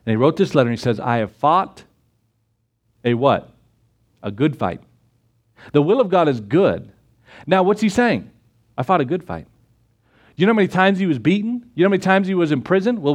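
A man's voice: on the high side, big pitch swings, normal speed, long pauses. A man preaching a sermon to his congregation, asking rhetorical questions and answering them himself. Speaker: pastor. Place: church.

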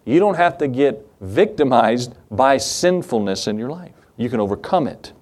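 Lively-voiced man preaching a sermon. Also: mid-range voice, moderate pace. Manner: conversational preaching with rhetorical questions; reads scripture in King James wording. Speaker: pastor.

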